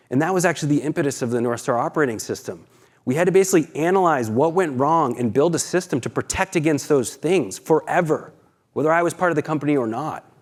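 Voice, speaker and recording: Candid, swearing founder from on stage. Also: male voice, fairly high pitch, animated, fast. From Boston, USA. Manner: candid, profane, dramatic storytelling with acted quotes. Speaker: keynote speaker, company founder. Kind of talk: conference keynote storytelling. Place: conference stage.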